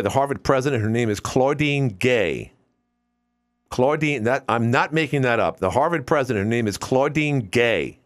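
A man hosting a call-in radio talk show, rambling and wisecracking between callers. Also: medium pitch.

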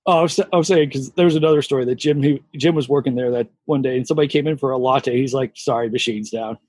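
A man's voice: medium pitch, steady tone, very fast, darkish tone, no room sound. A man co-hosting a podcast, telling crude, laughing anecdotes in casual chat. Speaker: podcast co-host.

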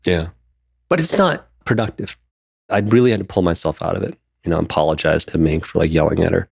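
Low gravelly guy in his 30s, podcast cohost, opens up about stuff, swears a bit, dry close sound. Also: fast talker, darkish tone, no room sound. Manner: candid, emotional, swears casually. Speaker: podcast co-host. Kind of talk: casual podcast chat.

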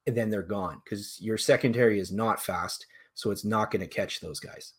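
Husky male co-host, casual football analysis, animated and opinionated. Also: on the low side, moderate pace. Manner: animated, argumentative analysis with fillers. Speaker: sports podcast co-host. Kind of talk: casual sports talk.

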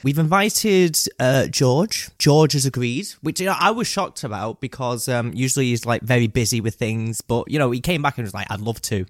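A man's voice: mid-range voice, moderate pace, few pauses, dry recording, studio quality. A young man co-hosting a podcast, chatty and a bit defensive, talking while eating. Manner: chatty, defensive, laughs often. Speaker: podcast co-host. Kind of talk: casual chat.

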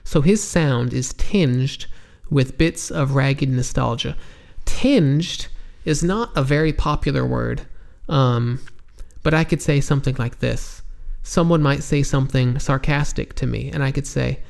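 Male teacher, slow and patient, gravelly low-register voice, explains vocabulary step by step. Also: darkish tone. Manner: patient, spells out words, frequent ums and restarts. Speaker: English teacher.

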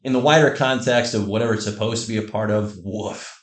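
A man's voice: on the low side, fast. A man hosting a casual podcast, upbeat and steering the talk. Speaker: podcast host. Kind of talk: casual chat. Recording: echoey room.

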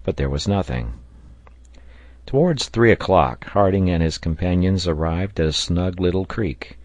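A man reading a classic adventure novel aloud as an audiobook narrator, in a steady reading manner. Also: low voice, unhurried, no room sound, muffled recording. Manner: steady, even-paced reading.

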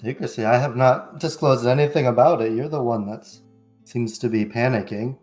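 A man's voice: medium pitch, normal speed, a little mellow, soft background music, close to an everyday voice. A man playing a smug lion merchant. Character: confident male lion merchant, smug and casual.

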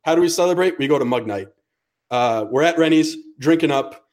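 A man's voice: fairly high pitch, a little fast. Profane young man telling a story. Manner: profane, animated storyteller acting out dialogue. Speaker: podcast co-host. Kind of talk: casual storytelling chat.

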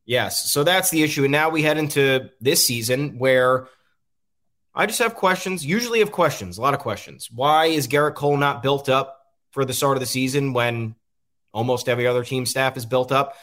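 A male host works through his frustration in a loose, rambling sports commentary. His speech is full of ums and restarts. His voice sits at an ordinary middle pitch. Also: steady tone, moderate pace, fairly bright tone. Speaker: podcast host.

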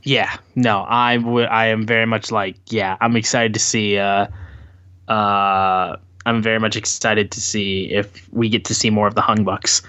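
A man co-hosting a wrestling podcast, chatting casually and rambling with lots of fillers, acting out quotes in higher voices. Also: little pitch movement, unhurried, pushed and bright, no room sound. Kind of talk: casual show recap chat. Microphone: his own mic acting up.

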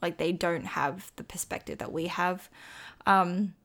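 A young Australian woman co-hosting a casual commentary chat, slangy and quick to laugh. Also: on the low side, a bit bright. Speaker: co-host.

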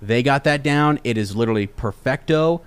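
A young man hosting a podcast, telling a casual story in an animated, rambling way with many restarts. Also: medium pitch, moderate pace, smooth. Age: young adult. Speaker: podcast host.

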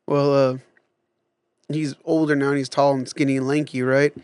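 A man's voice: medium pitch, little pitch movement, normal speed, a little mellow, clean tone, no room sound. A man in casual chat, telling a rambling, profane story about family.

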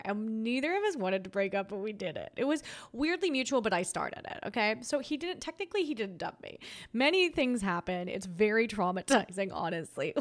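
A young woman hosts a podcast and tells her breakup story in a casual monologue. She is animated and chatty. She laughs through the telling and jumps high and loud whenever she gets worked up. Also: normal speed. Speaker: podcast host.

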